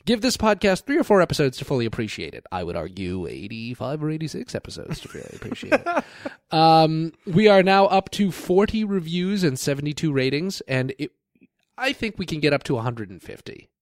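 A man's voice: a little high, sing-song, a little fast, no room sound, clean studio sound. A man co-hosting a casual podcast, joking and self-deprecating with rambling asides. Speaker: podcast co-host.

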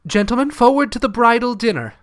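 A man's voice: extremely high pitch, lively intonation, quick pace, pitched above the performer's own voice. A man reading verse aloud as a spirited, defiant young woman.

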